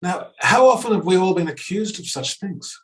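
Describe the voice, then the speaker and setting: An animated middle-aged man speaking to a church congregation. He tells a story, acts out the other people's lines in it, and falls back on loose fillers as he goes. His voice sits a little away from the mic, picked up in the chapel. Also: high-pitched, moderate pace, distant mic, rough recording. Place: church hall.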